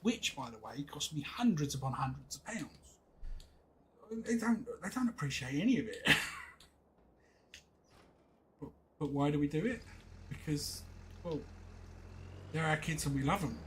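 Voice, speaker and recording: Exasperated English dad, slightly high voice. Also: male voice, animated, a little slow, pauses often, a little hiss or hum, low-quality recording. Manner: rambling, exasperated storytelling with laughs. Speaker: streamer. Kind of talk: casual chat while gaming.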